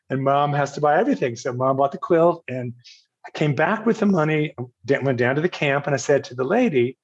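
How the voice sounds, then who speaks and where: A man's voice: fairly high pitch, fairly quick. Older man telling a self-mocking story. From Virginia, United States. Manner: anecdotal and self-mocking, quotes others, laughs at himself. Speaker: podcast guest. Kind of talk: storytelling in a casual interview. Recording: slightly dull, lo-fi audio.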